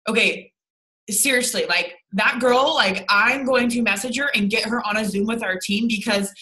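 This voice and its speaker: A woman's voice: a little high, normal speed, pushed and bright, low-quality recording. Blunt, rambling young woman on a video call. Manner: blunt, swearing, rambling with many fillers. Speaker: sales team leader. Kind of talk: motivational team call.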